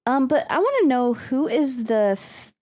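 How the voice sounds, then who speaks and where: A woman's voice: sits high, big pitch swings, moderate pace, dark tone, no room sound. A woman co-hosting a podcast, chatting casually about a story and agreeing often. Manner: friendly, agreeable, frequent affirming murmurs. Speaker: podcast co-host. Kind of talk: casual book-club chat.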